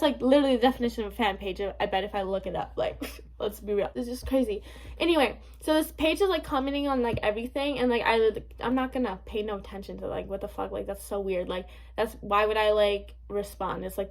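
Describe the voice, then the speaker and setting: A woman's voice: on the high side, a little fast. A young woman vlogging a casual storytime rant, profane and full of fillers, amused and dismissive.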